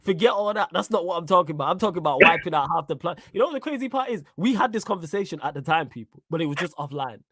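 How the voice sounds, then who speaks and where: Animated, teasing male podcast host. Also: racing, few pauses, a crowd in the background. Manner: animated, teasing, rises sharply in pitch when excited. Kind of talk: casual chat.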